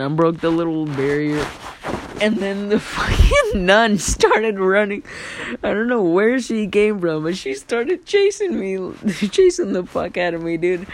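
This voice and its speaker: A young adult vlogger telling a rambling, profane story in casual talk, often laughing and swinging from hushed to loud. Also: mid-range voice.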